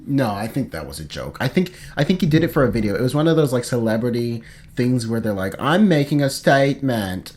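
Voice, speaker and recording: A man co-hosting a podcast in casual chat, animated and joking, often laughing. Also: medium pitch, quick pace. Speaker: podcast co-host.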